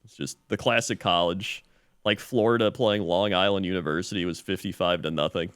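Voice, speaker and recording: A man with a lowish, smooth voice co-hosts a casual podcast. He reads out items in an easygoing, hesitant way full of "uh"s, with a dry close sound. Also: fairly even intonation, brisk, fairly bright tone, dry recording. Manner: easygoing, hesitant, many "uh"s while looking things up. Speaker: podcast co-host. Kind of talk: casual chat, mock news segments.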